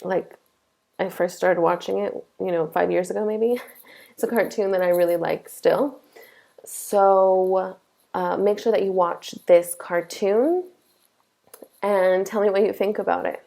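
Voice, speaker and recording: Slow, gravelly-voiced woman teacher. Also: medium pitch, steady tone, dark tone. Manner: slow, deliberate explaining with frequent "okay?" checks. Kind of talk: classroom lesson.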